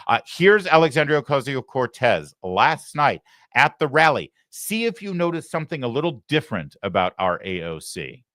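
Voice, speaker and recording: Guy hosting a talk show, mocking and sarcastic, lively voice, dead dry room. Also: mid-range voice, normal speed, dry recording. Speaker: host. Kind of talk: commentary.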